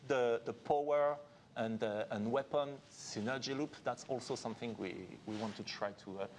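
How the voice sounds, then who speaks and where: A man's voice: mid-range voice, moderate pace. A man in a mid-range voice patiently walks through game design details for an interviewer. A faint hiss sits under his voice. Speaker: game developer. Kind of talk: interview explanation.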